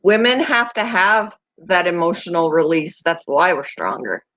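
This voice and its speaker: A woman's voice: lowish voice, lively intonation, moderate pace, fairly bright tone, dry recording, highs cut off. A woman hosting a pet channel, chatting casually on a live stream and cooing to her small pets between remarks.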